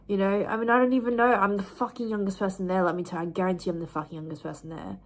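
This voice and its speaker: A woman's voice: mid-range voice, steady tone, rapid-fire, a little hiss or hum. A woman venting to camera in a rambling, swearing way while eating.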